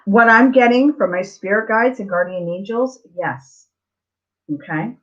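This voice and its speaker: Over lo-fi sound, a female tarot reader talks casually to her live stream viewers about life lessons and spiritual matters. Her medium-pitched voice moves a little slowly, and she tends to repeat herself, frequently tacking on "right?"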